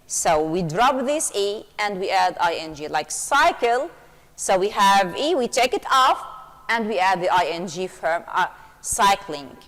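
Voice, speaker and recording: A woman English teacher, her voice sitting a little high, walks through grammar rules slowly and patiently. She keeps slipping in "okay" as she explains each step. The recording carries a long, hollow reverb. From Syria. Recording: long reverberant room echo.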